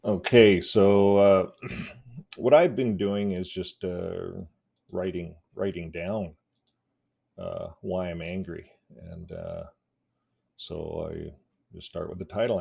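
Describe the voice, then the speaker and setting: A man with a low, gravelly voice talks casually to his viewers in a vlog. His tone is dark and mellow, and his delivery is relaxed and rambling, broken up by frequent chuckles. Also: a little slow. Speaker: YouTube activist vlogger.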